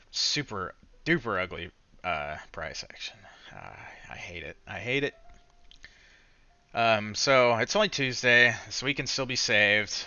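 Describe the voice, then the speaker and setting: Man, solo trading recap: rambling, swearing and self-critical, with a very bright, clear voice. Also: mid-range voice, no room sound, dull audio. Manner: frustrated, swearing, rambling with many restarts. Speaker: day trader recapping his session. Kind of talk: casual solo recap rant.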